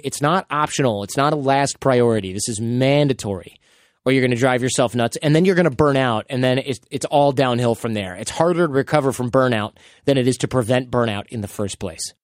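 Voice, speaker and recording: A man's voice: mid-range voice, no echo, studio quality. A man in his thirties hosting a podcast, chatting casually and acting out quotes as he tells stories. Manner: animated storyteller, acts out quotes. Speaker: podcast host.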